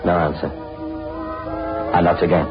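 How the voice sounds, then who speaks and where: An actor playing an eager young crime reporter who narrates the story, earnest and prone to stammered restarts, in an old-time radio drama. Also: male voice, deep voice, little pitch movement, a little slow, creaky. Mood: tense. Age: young adult. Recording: dull old radio recording with music.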